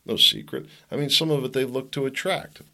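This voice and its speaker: A man's voice: mid-range voice, wildly swooping pitch, a little fast, pushed and bright. A man hosting his own podcast, giving casual solo commentary full of sarcastic asides and jokes. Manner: sarcastic, jokey, talks in asides. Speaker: podcast host.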